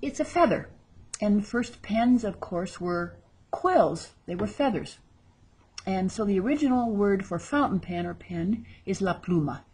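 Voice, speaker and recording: A woman's voice: medium pitch, animated, measured pace, a little mellow, breathy edge. A woman teaching vocabulary in a recorded lesson, repeating each word with exaggerated pronunciation and adding chatty asides. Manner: chatty asides between drills. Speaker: Spanish teacher.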